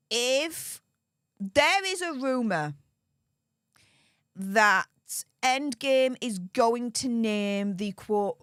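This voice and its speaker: A woman's voice: mid-range voice, fairly bright tone, clear, resonant tone, no echo, studio quality. A woman, giving casual opinion commentary and posing rhetorical questions to her viewers. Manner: chatty, rhetorical questions, speculative. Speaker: commentary vlogger.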